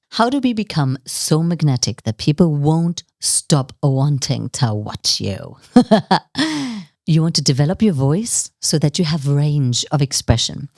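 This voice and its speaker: Woman coach talking straight to camera, lower voice but swoops around a lot, dry close sound. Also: no room sound. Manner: animated and expressive, playful asides with laughs. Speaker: leadership communication coach. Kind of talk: direct-to-camera teaching talk.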